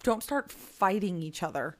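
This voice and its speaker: A woman's voice: mid-range voice, animated. Upbeat young woman co-host. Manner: enthusiastic, laughs often, quick reactions. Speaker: podcast co-host. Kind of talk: casual book discussion.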